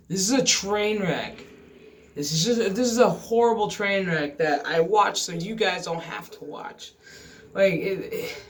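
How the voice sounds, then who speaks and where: A man's voice: sits high, lively intonation, unhurried, a bit bright. A man vlogging a casual, profane review of a TV episode, exasperated and swearing freely.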